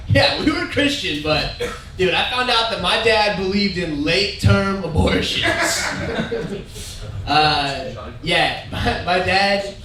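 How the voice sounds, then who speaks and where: A man's voice: high voice, noisy background. A male comedian doing a stand-up set at a live show, with a laid-back, dude-speak delivery. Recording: very echoey bar, audience crowd, off-mic distance.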